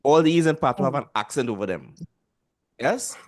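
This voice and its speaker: A man with a Trinidadian accent leads an online language class. He speaks patiently and says sounds slowly so his students can repeat them after him. His voice comes through a video call. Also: medium pitch, lively intonation. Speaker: language teacher.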